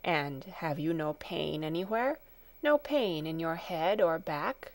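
A woman reading a storybook, voicing a kind, calm male doctor who speaks in a gentle, soothing way. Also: deep voice, slow pace, no room sound, voice pushed down, heavily acted.

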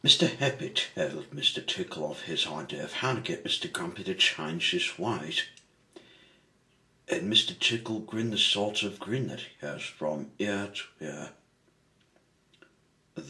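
A man narrating a children's story, expressive and asking the listener questions along the way. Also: low-pitched, a little slow.

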